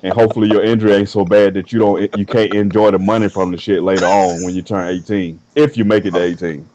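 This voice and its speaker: A man's voice: lowish voice, level tone, fast, a crowd in the background. A man co-hosting a comedy podcast, rambling through profane, joking stories. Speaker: podcast co-host. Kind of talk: casual comedic banter.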